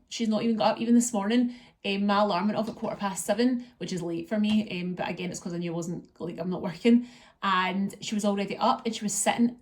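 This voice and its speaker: A woman's voice: mid-range voice, a little mellow. Chatty young Scottish woman vlogging. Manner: chatty, rambling storytelling with local slang. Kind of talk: casual chat to camera.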